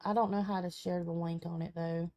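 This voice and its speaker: A woman's voice: fairly low pitch, level tone, brisk, mellow. A woman, a tarot reader chatting casually on a live stream, her voice cracking in and out. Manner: chatty, reads viewer comments aloud, folksy.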